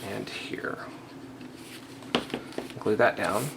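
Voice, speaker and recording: A man's voice: on the low side, steady tone, very slow, creaky. A man hosting a step-by-step crafting tutorial, talking casually and thinking aloud, checking in with the viewer as he works. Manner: casual, thinking aloud, frequent okays and restarts. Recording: audible background noise.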